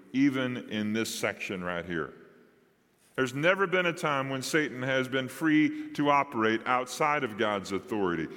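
A man preaching a sermon as pastor, with dramatic pauses and rising and dropping emphasis. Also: mid-range voice, fairly bright tone. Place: church sanctuary. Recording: long hall reverb.

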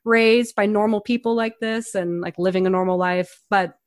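A woman's voice: medium pitch, moderate pace, dry recording, clean studio sound. Woman on a movie podcast, chatty, acts out the lines as she retells the scene. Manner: animated storytelling, retelling scenes with quoted lines. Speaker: podcast co-host. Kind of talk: casual movie review chat.

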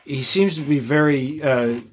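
Husky man explaining ideas haltingly. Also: on the high side. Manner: halting, restarts often, explains step by step. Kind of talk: casual theological conversation.

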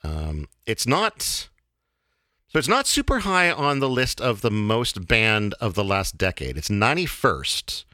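Low-voiced guy hosting a podcast, bouncy intonation, bright tone, dry close mic, lots of ums. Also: big pitch swings, no room sound. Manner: halting, many fillers and restarts. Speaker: podcast host. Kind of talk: casual podcast chat.

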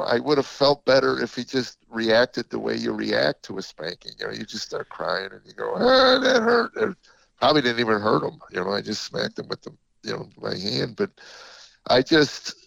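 An older man, a comedian guest, telling stories in a reflective, halting way with many fillers, on a dull lo-fi recording. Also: medium pitch, vocal fry, fairly bright tone, no echo. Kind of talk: casual interview storytelling.

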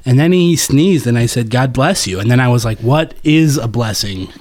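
A man's voice: mid-range voice, expressive, moderate pace, a little mellow. A man co-hosting a casual podcast who tells stories and jokes in an easygoing way. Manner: easygoing storytelling, joking. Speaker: podcast co-host.

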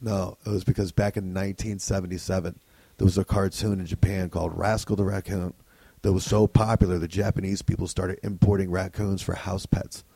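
Low-voiced swearing comic telling a story. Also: male voice, flat delivery, a little fast, creaky, dark tone, husky, no room sound. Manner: profane, storytelling, ranting. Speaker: stand-up comedian, podcast guest. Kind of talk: casual podcast chat.

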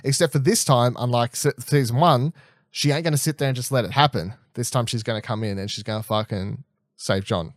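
A young man chatting casually as a podcast co-host, rambling and animated, swearing freely and restarting often. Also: mid-range voice, brisk, dry recording, clean studio sound. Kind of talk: casual chat, TV episode predictions.

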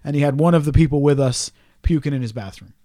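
A man's voice: on the high side, fast talker, warm tone, no room sound, clean studio sound. A man telling a long story on a casual podcast chat, swearing often and ranting in exasperation.

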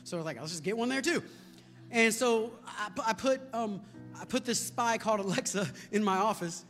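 An American pastor preaching to a congregation, his voice very high and bright. He moves from storytelling into loud, fervent preaching. The sound carries the long echo of a church hall, with music playing faintly behind him. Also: animated, moderate pace. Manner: storytelling, building to shouted preaching. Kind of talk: sermon. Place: church sanctuary.

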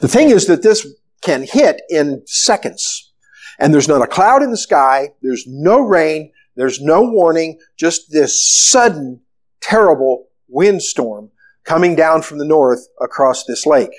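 A man preaching a sermon, retelling a story with animated, storytelling delivery. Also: fairly high pitch, a little slow. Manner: animated storytelling, acting out the disciples' panic. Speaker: pastor.

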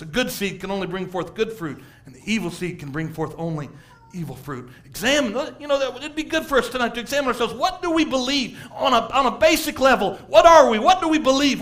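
A middle-aged man preaching a sermon as pastor, animated, laughing and acting out quotes from people. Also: extremely high pitch, a little fast.

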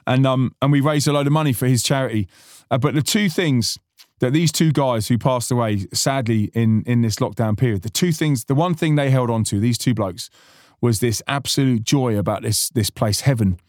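A man's voice: mid-range voice, normal speed, a little mellow, dry recording. Earnest man, dry sound. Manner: rambling, earnest, many restarts and fillers. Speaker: podcast host and musician. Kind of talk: casual reflective chat.

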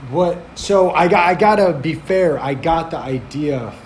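Slightly high-voiced man telling a rambling story. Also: unhurried, a little hiss or hum. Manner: rambling, filler-heavy, profane; animated when recounting dialogue. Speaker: podcast host. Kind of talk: casual storytelling chat.

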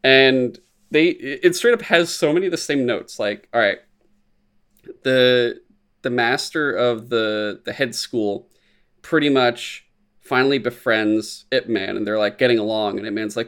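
A man's voice: mid-range voice, measured pace, clear, resonant tone. A man talking casually on a podcast, recapping films with lots of energy. He swears freely and drops into silly voices whenever he quotes someone. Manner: animated, profane, acts out quotes in silly voices. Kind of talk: casual chat.

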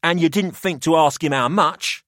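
A man's voice: on the high side, moderate pace, fairly bright tone, no echo, clean studio sound, voice pushed up, natural voice. A man voicing a pushy, jovial older male collector who talks down to two young men. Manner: expansive, theatrical, patronising.

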